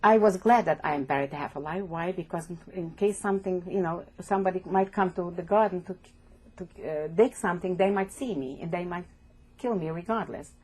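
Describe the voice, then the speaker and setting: An older woman from Poland giving oral history testimony as an interviewee, speaking haltingly and repeating words as she goes. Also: fairly low pitch, darkish tone. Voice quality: gravelly, husky.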